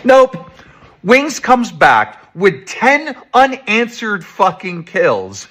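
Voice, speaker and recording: Animated man recapping a stream story. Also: high-pitched, takes it slowly. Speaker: recap narrator.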